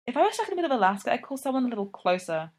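A woman's voice: fairly high pitch, very animated, rapid-fire, a little mellow, pitched above the performer's own voice. A woman voicing a wry, self-doubting young female college student.

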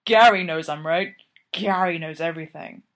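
A man's voice: a little high, normal speed, fairly bright tone, voice pushed down. Woman reading as a blunt young college guy, firm and teasing. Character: tipsy young male college friend, blunt and protective.

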